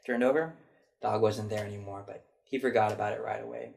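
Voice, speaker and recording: A man's voice: fairly low pitch, steady tone, brisk, gravelly, darkish tone. A man vlogging in a chatty, reflective way, recounting people's answers to a question and mimicking them as he goes. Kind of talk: casual storytelling monologue.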